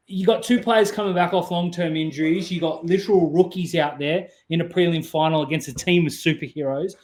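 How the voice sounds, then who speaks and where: Man, fairly high voice, jokey sports chat, roomy echo. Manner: upbeat, joking. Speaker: podcast co-host. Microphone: remote call.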